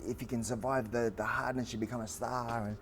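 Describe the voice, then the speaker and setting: A man in his forties from Australia, a fighter telling stories as a guest, lively with lots of fillers and restarts. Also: mid-range voice, a little fast, a little hiss or hum. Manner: animated storyteller with frequent fillers and restarts. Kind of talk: storytelling in an interview.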